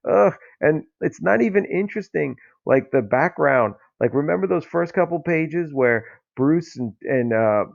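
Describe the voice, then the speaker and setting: A man's voice: on the high side, gravelly, no room sound. A man hosting a casual comic book review podcast, talking in a rambling, disbelieving way with plenty of fillers. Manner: rambling, incredulous, lots of fillers. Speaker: podcast host. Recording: dull lo-fi, dry sound.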